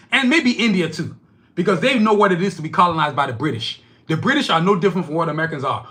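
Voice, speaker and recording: A man from Nigeria speaks in a high, bright voice that swings widely as he rants. He is indignant and blunt, swearing and hammering rhetorical questions in an unscripted opinion monologue. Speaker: political commentator.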